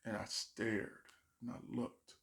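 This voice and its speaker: A man telling a personal story as a stand-up comedian, animated and acting out the voices of the people in it. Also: slow pace. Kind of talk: storytime monologue.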